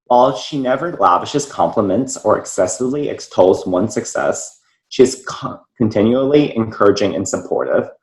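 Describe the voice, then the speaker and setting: A teenage boy reads a prepared speech in a measured, formal way. His voice sits very low, and the sound is roomy and echoey. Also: lively intonation. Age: teens. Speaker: student.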